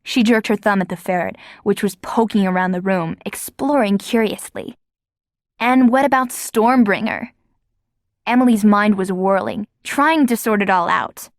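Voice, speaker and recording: A woman narrating an audiobook in a lively, expressive storytelling manner. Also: mid-range voice, moderate pace, hardly any pauses, no echo, clean studio sound. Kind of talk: scripted narration.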